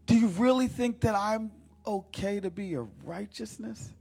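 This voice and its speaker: A man's voice: sits high, moderate pace, vocal fry, a little mellow, slightly rough, soft background music, pitched above the performer's own voice, full character voice. A man voicing an anxious, doubting believer who questions God in a pleading tone.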